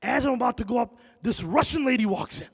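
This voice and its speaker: Animated stand-up comic, high voice. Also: male voice, fast, creaky, slightly rough. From Chicago, USA. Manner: animated storytelling, frequent "right?" asides. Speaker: stand-up comedian. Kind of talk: live stand-up comedy. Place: concert hall stage. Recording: reverberant concert hall.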